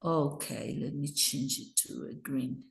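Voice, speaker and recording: A woman's voice: rumbling low, fairly even intonation, unhurried, gravelly, reverberant. A woman with a Mexican Spanish accent teaching English grammar in an online class, patiently explaining and checking in with her students.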